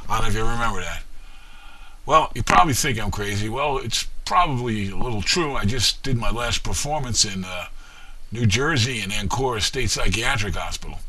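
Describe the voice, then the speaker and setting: A man's voice: lowish voice, lively intonation, background noise. Wry man telling stand-up stories. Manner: wry storytelling with punchline pauses. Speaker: stand-up comic. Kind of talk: seated stand-up comedy routine. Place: small venue with a live audience.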